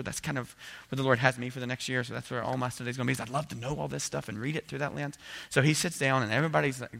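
A pastor in a church building speaks into a handheld mic, his mid-range voice gravelly, pushed and bright. He preaches a conversational sermon, quoting the doubts his listeners might have.

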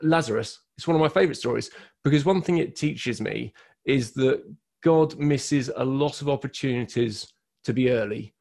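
Husky British radio host. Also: male voice, mid-range voice, darkish tone. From United Kingdom. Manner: chatty, self-deprecating, quick to laugh. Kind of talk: casual radio interview. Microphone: studio microphone, guests on a video call.

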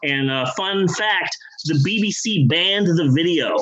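A man with a slightly high voice spins a comic anecdote, casual and loose. He swears freely, trips into restarts and tosses in jokey asides as he goes. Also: lively intonation, a little slow, a bit bright, dull audio. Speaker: podcast host and storyteller. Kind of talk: casual comedic storytelling.

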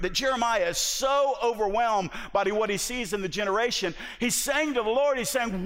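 A man's voice: very high voice, normal speed, few pauses, a bit bright. A man preaching a sermon in an impassioned, emphatic way, often restarting his words. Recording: long reverb of a large hall.

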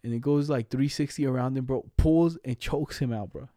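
Dark-voiced, slangy young man. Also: medium pitch, steady tone, brisk, dry recording, studio quality. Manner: slangy, laughing storyteller, swears a lot. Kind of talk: casual chat.

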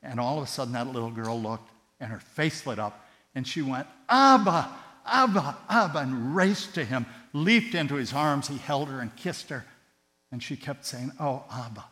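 Man preaching a fired-up sermon, gets loud then goes soft, long echo off the hall, low mains hum. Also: normal speed. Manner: impassioned, swinging between loud emphatic rises and hushed tender drops.

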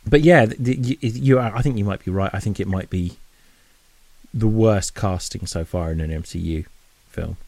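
A man's voice: lowish voice, moderate pace, a little mellow, no room sound. A man, co-hosting a casual film review chat in a chatty way, with many restarts and fillers. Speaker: podcast co-host.

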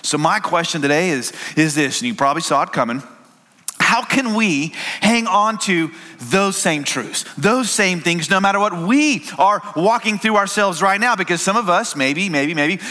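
A man preaching a sermon, telling stories in a relaxed, conversational way with small restarts. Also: sits high, normal speed. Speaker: pastor.

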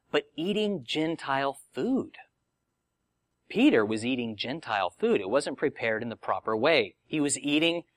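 A man's voice: a little high, no room sound, studio quality. A man preaching a sermon, teaching in a conversational way and acting out the voices of the people he quotes. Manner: animated, conversational Bible teaching with acted quotes.

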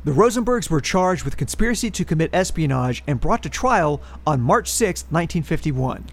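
A man with a slightly higher voice co-hosts a relaxed podcast. He works through a history segment, reading the facts, and breaks off into wry political commentary along the way. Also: moderate pace, vocal fry. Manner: reads historical facts, then adds wry political asides. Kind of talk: casual podcast chat.

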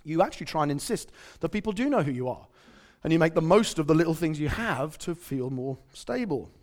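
A man's voice: a little high, big pitch swings, brisk, darkish tone. A man preaching a conversational sermon, quizzing his audience and telling stories.

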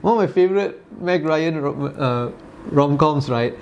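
A man's voice: a little high, moderate pace, vocal fry, dull audio, background noise. Rambling Malaysian man in his forties. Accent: Malaysian English. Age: 40s. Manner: rambling, laughs often, trails off with fillers. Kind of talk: casual chat.

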